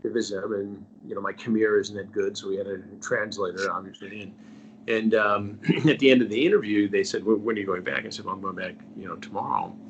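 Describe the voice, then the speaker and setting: Speaking on the low side with fairly even intonation and a slightly fast pace, this middle-aged man is an investigative journalist interviewed as a guest. He tells his story earnestly, letting phrase endings fade to a near-whisper. The recording has the highs cut off and a little hiss or hum.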